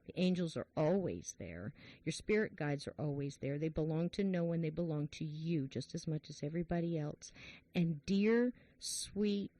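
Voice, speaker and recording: A woman hosting a podcast, chatting in a warm, emotional, chatty way and retelling a joke. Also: low-pitched, expressive, moderate pace, dry recording. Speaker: podcast host. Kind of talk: casual chat, retelling a joke.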